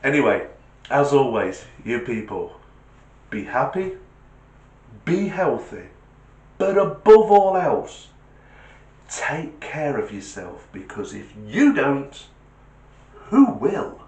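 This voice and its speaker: A man's voice: mid-range voice, sing-song, takes it slowly, pauses often, a little mellow, reverberant. A man hosting a casual explainer video, chatty and joking, with rambling asides. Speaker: host.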